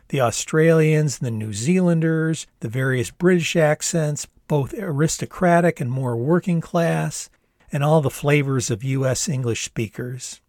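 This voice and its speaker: An older American-born man tells his own story in a wry, easygoing storyteller's voice. His pitch is a plain middle register, and the sound is dry and close with no room around it. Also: darkish tone, no echo. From the United States. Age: 60s. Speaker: author reading his own memoir-novel. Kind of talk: storytelling narration.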